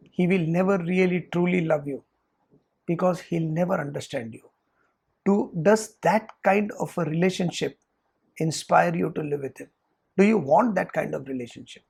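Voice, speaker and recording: Speaking in a mid-range, gravelly and slightly husky voice with a darkish tone, a Vedanta teacher retells a story to make a point. Short quoted lines are given for each character, yet the delivery keeps a lecturing tone.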